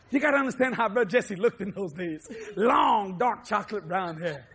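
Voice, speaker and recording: A preacher from New Orleans with a Cajun accent, who shouts emphatic lines and drops low to chuckle through his stories. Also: lively intonation, moderate pace, few pauses. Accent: Cajun, Louisiana. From New Orleans, Louisiana. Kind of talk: sermon with humorous storytelling.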